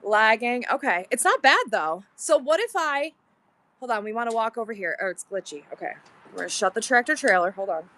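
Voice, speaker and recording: A woman's voice: a little high, lively intonation, brisk, sharp tone. A woman hosting a casual livestream, talking candidly and bluntly, rambling with many restarts. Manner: blunt and swears freely. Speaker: livestream seller and host.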